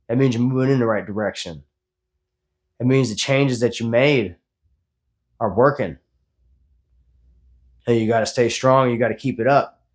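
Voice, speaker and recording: A fitness vlogger in his forties with an average-pitched voice gives a blunt, profane pep talk after a workout. He coaches his viewers without softening a thing.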